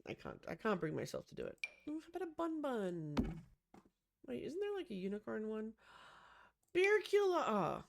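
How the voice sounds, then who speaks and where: A woman's voice: fairly high pitch, sing-song, brisk, vocal fry, noisy background. A woman chatting casually with lots of gasps and "um"s as she builds a room in a life-sim game. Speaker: Sims builder. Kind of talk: casual gameplay commentary.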